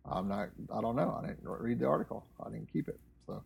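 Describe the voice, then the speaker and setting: A man's voice: mid-range voice, a little fast, vocal fry, darkish tone, slight background noise, poor audio. A man co-hosting a casual talk show, reading news articles aloud in a dry, matter-of-fact way with offhand asides. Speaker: co-host reading news stories.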